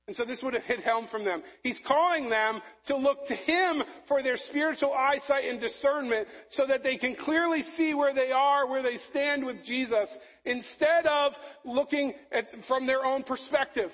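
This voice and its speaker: A man preaching a sermon, rising to loud emphasis and dropping to soft, low passages. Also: moderate pace, dull audio. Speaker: pastor.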